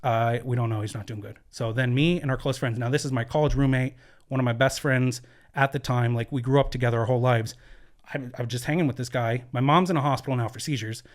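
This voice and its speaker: A man talking quickly and earnestly as a studio podcast guest. His voice sits at an ordinary middle pitch, and his words tumble out in bursts full of fillers and false starts. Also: fairly even intonation. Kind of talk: candid conversational storytelling.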